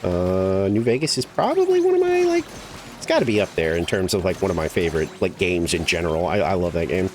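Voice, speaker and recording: A man's voice: low-pitched, sing-song, brisk, slight background noise. A man streaming a game, chatting casually and rambling with lots of "like" and casual swearing. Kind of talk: casual chat while gaming.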